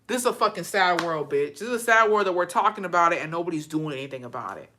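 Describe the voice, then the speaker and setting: Bright-voiced woman ranting, outraged. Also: on the low side, lively intonation, slight background noise. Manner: profane, outraged, fast-shifting rant. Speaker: commentator reacting to a story. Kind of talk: heated reaction commentary.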